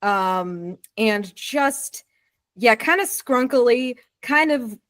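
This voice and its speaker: A woman's voice: fairly high pitch, animated, slow pace, a bit bright, no echo. A woman player in a tabletop game, playfully and animatedly describing her character in casual chat.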